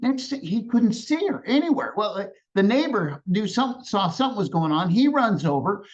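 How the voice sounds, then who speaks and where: Halting man telling a tall tale. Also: sits high, big pitch swings. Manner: halting, repeats words, chuckles between lines. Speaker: storyteller. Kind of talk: live storytelling. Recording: lo-fi event recording.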